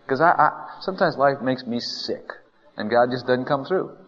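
A man's voice: mid-range voice, normal speed, a bit bright. A man preaching a conversational sermon to a congregation, acting out complaints in the first person and chuckling often. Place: church hall with a congregation. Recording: dull lo-fi sound with long hall reverb.

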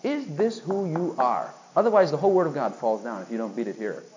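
A man's voice: a little high, big pitch swings, a little fast, a little mellow, slight background noise, low-quality recording. A man preaching a sermon, emphatic and full of rhetorical questions aimed at his listeners.

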